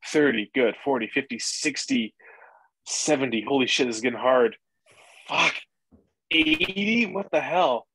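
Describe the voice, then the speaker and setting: A man talking as a podcast guest, energetic and profane, acting out inner voices as he explains. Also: medium pitch, unhurried, long pauses, slightly rough, dry recording, low-quality recording. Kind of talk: casual interview chat.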